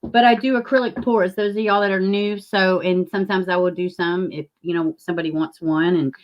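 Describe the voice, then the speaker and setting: Woman, livestream host, low-pitched, rambling and chatty, swears freely. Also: steady tone, a little fast, a little hiss or hum. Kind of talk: casual livestream chat.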